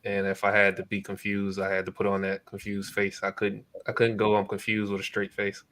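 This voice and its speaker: A man co-hosting a casual podcast chat, speaking in a relaxed way with frequent hesitations; English is not his first language. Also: on the low side. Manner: relaxed, speaks slowly and evenly, many "uh" fillers. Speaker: co-host, real estate investor.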